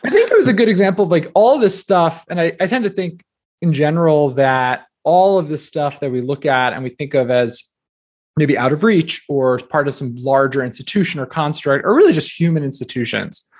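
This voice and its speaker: In a relaxed interview, a thirtysomething guest author from New Jersey tells stories at a fast clip, his voice pitched a bit above the typical male range. His speech is packed with "like" and "sort of," and he often jokes at his own expense.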